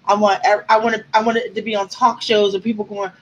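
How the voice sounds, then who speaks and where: A woman's voice: mid-range voice, fairly even intonation, fast talker, hardly any pauses, slight background noise, rough recording. A woman author chatting with her viewers on a livestream, answering comments and close to tears at times. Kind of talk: casual livestream chat.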